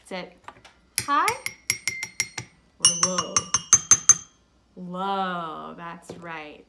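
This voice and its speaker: A young woman teacher giving a slow, patient music lesson to children, asking them simple questions. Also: fairly low pitch, background noise.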